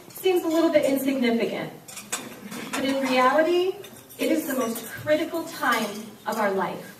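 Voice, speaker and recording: A woman tells a story in a keynote speech, playing the voices of her characters. Her voice sits high. Cutlery and dishes clink in the background of a roomy dinner hall. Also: normal speed. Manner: lively storyteller, acts out voices of children and herself. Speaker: keynote speaker and teacher. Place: banquet hall. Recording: echoey hall recorded from far off, dinner noise.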